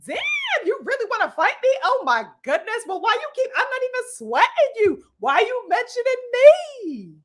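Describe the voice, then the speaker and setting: A woman's voice: extremely high pitch, wildly swooping pitch, moderate pace, hardly any pauses, pitched above the performer's own voice, exaggerated voice. A woman putting on the voice of whiny, petulant young male boxers in a mocking, sing-song tone.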